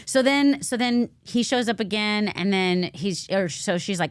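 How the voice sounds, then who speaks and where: A woman from the American South co-hosting a podcast, chatting casually and acting out characters in quick voices. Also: medium pitch, clean tone, no echo, clean studio sound. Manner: animated, acts out characters in quick put-on voices, swears. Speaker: podcast co-host. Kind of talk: casual chat recapping dramas.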